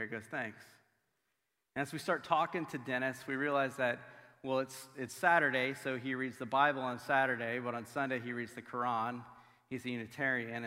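Bright-voiced pastor preaching in a hall. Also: male voice, medium pitch. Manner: conversational, filler-heavy, animated storytelling. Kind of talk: sermon with humorous family stories. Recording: long hall reverb.

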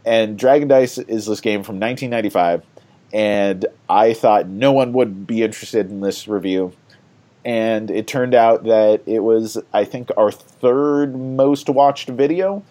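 Man, lowish voice, casual podcast host; rambling, chatty, laughs a lot. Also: unhurried, warm tone. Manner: rambling, chatty, laughs often, many fillers. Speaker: board game reviewer and podcast host.

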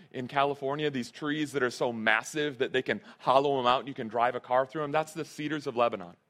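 A male pastor preaching a sermon, earnest and emphatic, repeating his key phrases. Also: mid-range voice.

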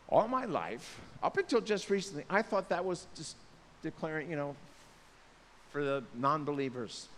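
Male pastor, lively swooping delivery, slightly high voice, echoey hall with faint hiss. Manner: animated, acts out voices of people, jokes aside. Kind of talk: sermon. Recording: long reverb, faint hiss.

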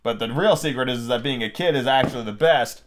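A man's voice: medium pitch, fast. Brief: casual male host, mid voice, reading a story aloud and drifting into chatty tangents. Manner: rambling, filler-heavy asides. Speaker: podcast host. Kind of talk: casual book reading with asides.

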